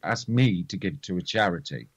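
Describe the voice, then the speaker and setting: A man talking in a measured, self-deprecating way in casual chat. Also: low-pitched, lively intonation, dry recording. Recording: dry, dull lo-fi audio.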